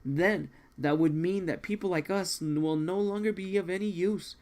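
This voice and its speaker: A man's voice: sits high, normal speed, darkish tone. A man voicing a weary, proud exiled assassin in a manga read-along, speaking in a grave, formal way. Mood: grim.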